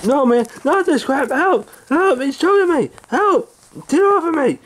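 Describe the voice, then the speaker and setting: A shrill, hot-headed loudmouth voiced by a man in a home skit who curses at anyone who touches him. His voice shoots high and swings wildly as he yells and squeals for help, with a faint hiss behind him. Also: huge pitch swings, moderate pace. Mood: panicked shouting. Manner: shouting, cursing, squealing for help. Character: belligerent loudmouth man refusing to be thrown out.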